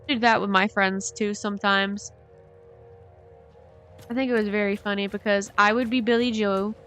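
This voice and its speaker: A woman's voice: medium pitch, fairly even intonation, moderate pace, a bit bright, clean tone, faint music behind. A young woman with a light Southern American accent, chatting casually and rambling to her chat while she plays a game. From Southern United States. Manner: chatty, rambling, giggly, talks to herself while playing. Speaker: game streamer.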